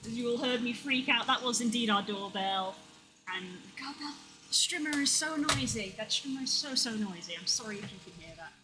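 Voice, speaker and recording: A woman streaming from home, chatting casually and getting excitable and gushing, with squeals and swearing. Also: on the high side, a little fast, loud music behind the voice. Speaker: art streamer. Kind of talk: casual live-stream chat.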